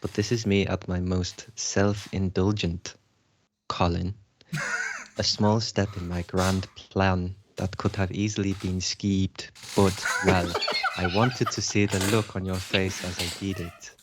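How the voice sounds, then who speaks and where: A gloating villain drawls each word slowly and low, with almost no rise or fall in his voice, as a man reads him in a live script read. He savours his own cruelty. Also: noisy background. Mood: smug. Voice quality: slow, deep and flat. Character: smug scheming male villain, Doctor L.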